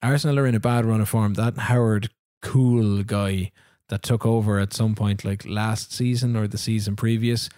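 A man's voice: fairly low pitch, fairly even intonation, normal speed, a little mellow, dry recording, studio quality. A man, co-hosting a casual podcast, rambling through stories with frequent laughs. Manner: rambling storyteller, laughs often, acts out dialogue. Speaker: podcast co-host. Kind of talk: casual chat about a football video game.

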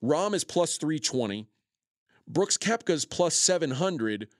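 A man's voice: a little high, expressive, takes it slowly, no echo, studio quality. A man co-hosting a sports betting show, running through scores and odds in casual chat with frequent filler words.

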